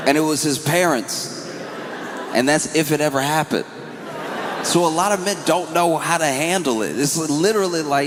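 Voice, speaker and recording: A man's voice: fairly high pitch, normal speed, a crowd in the background. A man doing stand-up comedy, telling stories and acting out phone calls. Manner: animated storytelling, acting out calls. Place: comedy stage before a live audience. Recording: reverberant hall with audience noise.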